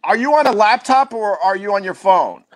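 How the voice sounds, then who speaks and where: A man's voice: high-pitched, lively intonation, normal speed, dry recording. A man hosting a casual podcast interview, enthusiastic and encouraging his guest. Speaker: podcast host.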